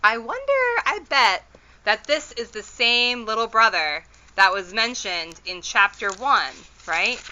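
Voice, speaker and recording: Female storytime host; slow, chatty, bright voice. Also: on the high side, very animated, muffled recording. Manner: chatty and wondering aloud. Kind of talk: reading a novel aloud.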